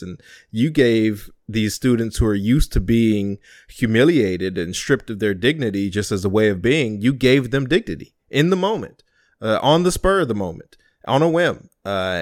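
A man's voice: lowish voice, no room sound, studio quality. A young man interviewing an older relative in a casual conversation, thoughtful and rambling as he retells stories.

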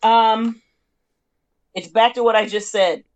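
Older lady teacher, 60s, thinking out loud, laughs at herself a lot. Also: fairly high pitch, steady tone, slow. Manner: reflective, self-deprecating, laughs often. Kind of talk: casual conversation.

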